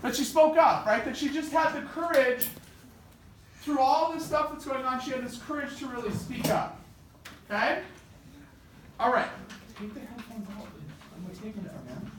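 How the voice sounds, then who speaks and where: A man's voice: extremely high pitch, expressive, normal speed, long pauses. A male teacher leading a classroom lesson, directing students and calling on them by name. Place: school classroom. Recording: very echoey classroom from far off, noisy.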